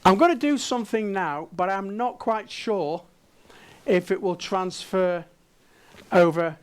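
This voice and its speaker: A high-pitched man speaks slowly and deliberately from a conference stage. He keeps drawing the audience in with playful questions, unhurried and teasing. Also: clean tone. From England. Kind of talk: interactive keynote talk.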